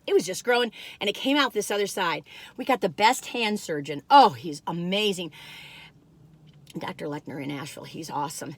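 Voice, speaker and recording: A woman's voice: mid-range voice, animated, normal speed, fairly bright tone, dry recording. An older woman, chatting casually and rambling to viewers while reviewing food in her car.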